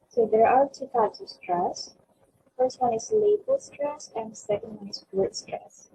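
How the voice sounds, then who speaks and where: A young woman gives a pronunciation lesson and reads word lists with care. Her voice is high and very lively, with heavy vocal fry. The recording sounds a little dull and lo-fi. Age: young adult. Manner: slow, careful reading of word lists. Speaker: student presenter.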